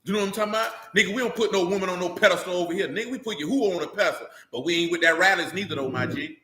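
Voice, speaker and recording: Bright-voiced slangy street preacher man. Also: high-pitched, rapid-fire, roomy sound. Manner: blunt slangy preaching, frequent rhetorical questions. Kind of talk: street-style sermon.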